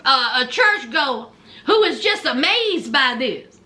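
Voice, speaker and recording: A woman's voice: sits high, very animated, slow pace, bright, forceful tone. A woman recapping a reality show in casual chat, sassy and teasing, calling her viewers honey and child.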